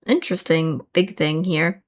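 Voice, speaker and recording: A woman's voice: low-pitched, steady tone, a little slow, a little hiss or hum. A woman streamer chatting casually while playing a game and reading its lines, laughing at her own slips. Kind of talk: game stream commentary and read-aloud.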